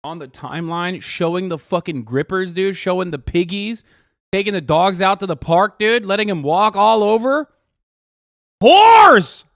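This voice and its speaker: A man hosting a live stream, reacting in casual commentary, animated and exasperated, swearing heavily. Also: high voice, moderate pace, no echo, studio quality. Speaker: streamer host.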